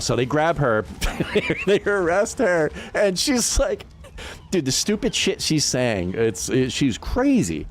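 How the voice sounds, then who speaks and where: Lively, laughing male gaming streamer. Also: a little high, takes it slowly, slight background noise. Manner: loose, profane storytelling, laughing often. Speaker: livestreamer. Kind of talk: casual gaming stream chat.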